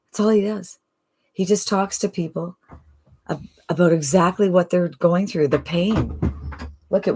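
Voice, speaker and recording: A woman's voice: on the low side, a little mellow. A woman from Canada talking casually and persuasively about an online business, with lots of rhetorical questions. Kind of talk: casual sales pitch monologue.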